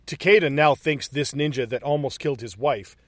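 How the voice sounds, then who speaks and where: Excitable man swearing through a film recap. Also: medium pitch, brisk, no room sound. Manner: excited, profane, acts out lines. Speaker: podcast co-host. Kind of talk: casual movie discussion.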